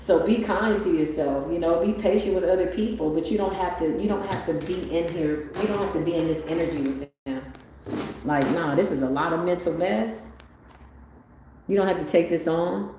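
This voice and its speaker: A woman giving a motivational spiritual talk on a livestream, animated and swinging up into excited exclamations. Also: fairly low pitch, moderate pace. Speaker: spiritual tarot reader. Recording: very echoey room with faint ambient noise.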